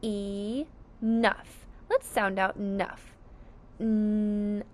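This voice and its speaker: A woman's voice: fairly high pitch, lively intonation, slow, vocal fry. A woman teaching a phonics lesson to young children, sounding out each word syllable by syllable with careful enunciation.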